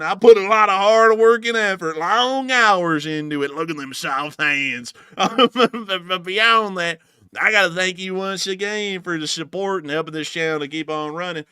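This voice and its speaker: A hollering, folksy Southern redneck mechanic, as a man puts him on with a broad, exaggerated drawl. The voice sits high and bright with a sharp edge, and it comes across clean and smooth. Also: dry recording, clean studio sound. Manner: hollering, folksy, laughs at own jokes. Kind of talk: comic bit on a livestream show.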